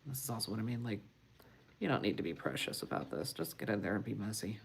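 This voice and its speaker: A woman artist talking viewers through a marker drawing on a casual livestream, unhurried and encouraging, often muttering asides under her breath. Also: extremely low pitch, lively intonation, gravelly, a little hiss or hum. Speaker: comic artist streaming a marker demo. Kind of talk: casual livestream art tutorial.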